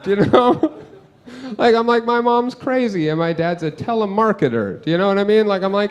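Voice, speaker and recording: A young male comedian working a live club crowd, his voice sitting a little high for a man. He rambles through his stories and mocks himself as he goes, leaning on "like" and asides to the room. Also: lively intonation, a little fast. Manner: rambling, self-deprecating, heavy use of "like". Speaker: stand-up comedian. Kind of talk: stand-up comedy set.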